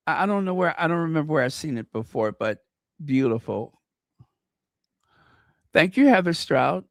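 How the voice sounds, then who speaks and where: Slow, effusive man chatting on a livestream. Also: a little high, no room sound, clean studio sound. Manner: effusive, gushing over gifts; talks to viewers by name. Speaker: channel host. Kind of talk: casual live-stream chat.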